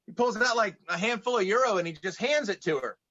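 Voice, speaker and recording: Bright-voiced man telling lively stories. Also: high voice, fast, dull audio. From United States, Atlanta. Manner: lively anecdotes, acts out quoted dialogue. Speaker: podcast guest. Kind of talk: casual storytelling in conversation.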